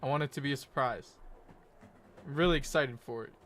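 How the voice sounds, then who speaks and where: A man's voice: medium pitch, brisk, a bit bright. Laid-back young man streamer. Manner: rambling and laid-back, many fillers and self-corrections. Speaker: game streamer. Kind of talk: casual stream chat.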